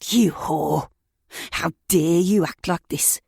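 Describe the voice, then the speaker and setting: A woman's voice: lowish voice, slow, creaky, a little mellow, breathy edge, no echo, full character voice. Audiobook villain: raging abusive young man, harsh screams and hissed threats, dry close sound, a woman reading him. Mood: screaming. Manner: screaming insults, then cold hissing threats. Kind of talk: audiobook narration.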